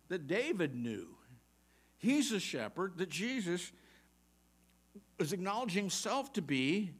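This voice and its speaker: A man preaching a sermon, reading scripture aloud and putting pointed questions to his listeners, with occasional chuckles. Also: sits high. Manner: emphatic, asks the congregation rapid questions, reads scripture aloud.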